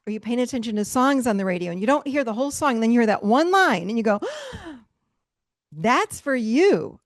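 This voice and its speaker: Middle-aged woman on a video call, lively storyteller, slightly high voice, dry close sound. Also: dry recording. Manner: animated storytelling, acts out quotes with laughs. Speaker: speaker leading a virtual workshop. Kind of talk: casual talk to a group. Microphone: video call mic.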